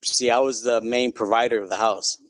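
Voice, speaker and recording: A middle-aged man, a guest in an interview, telling his story in a relaxed, good-humored way and saying "you know" often. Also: medium pitch, fairly quick, dry recording. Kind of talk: casual interview.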